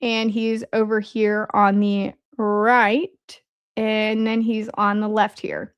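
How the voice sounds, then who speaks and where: A woman from the American Midwest hosts a laid-back stream, joking with her chat in a mid-range, smooth voice. Her delivery is flat and slow, with no echo on the recording.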